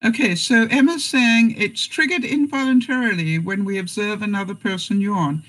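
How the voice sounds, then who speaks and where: Husky woman chatting away on a live stream, laughs a lot, reads out jokes and comments. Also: medium pitch, normal speed, fairly bright tone, poor audio. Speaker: vlogger hosting a live stream. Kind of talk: casual live-stream chat.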